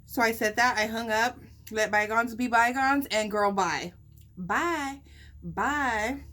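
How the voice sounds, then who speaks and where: A sassy woman vlogger tells a story in a casual, chatty way between bites. She sits a little high in her voice and keeps up a stream of filler words and quick comebacks. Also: pushed and bright. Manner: chatty, sassy storyteller full of "like" and "girl, bye". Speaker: mukbang vlogger. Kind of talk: casual storytime while eating.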